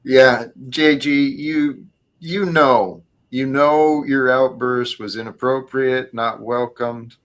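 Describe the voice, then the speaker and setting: A man hosting a casual live stream panel chat, earnest and a little preachy as he talks about faith. His delivery is slow and unhurried, with a middle-pitched voice. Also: steady tone, a bit bright, rough recording. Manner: earnest, preachy spiritual talk. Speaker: stream host.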